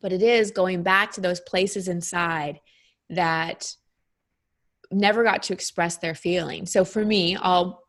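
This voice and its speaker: A middle-aged woman speaking as an interview guest, explaining her ideas in a reflective, even way. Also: on the low side, slow pace. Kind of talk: interview conversation.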